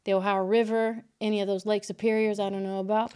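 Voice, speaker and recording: A woman's voice: mid-range voice, flat delivery, quick pace, darkish tone, clean tone. A woman hosting a podcast in casual chat, laughing often, swearing freely and full of exclamations. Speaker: podcast host.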